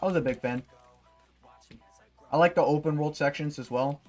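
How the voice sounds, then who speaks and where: A man's voice: fairly high pitch, moderate pace, a little mellow, faint music behind. A man livestreaming while gaming, chatting casually and rambling, swearing freely and leaning on fillers.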